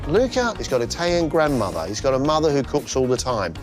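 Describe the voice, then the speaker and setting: A man judging a cooking competition, giving lively, descriptive running commentary on the dishes. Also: mid-range voice, quick pace, faint music behind.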